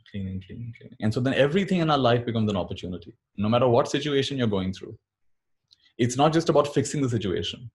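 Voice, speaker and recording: A man giving a calm spiritual teaching talk, often repeating phrases softly. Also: mid-range voice.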